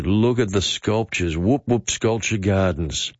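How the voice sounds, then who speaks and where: An older man hosting talkback radio, his voice slightly low and set close to the mic in a dry room. He chats easily and exclaims often, breaking off to read listener messages aloud. The sound is a little dull and lo-fi. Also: a little slow, dry recording. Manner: chatty, exclaiming, reads listener texts aloud. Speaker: radio host.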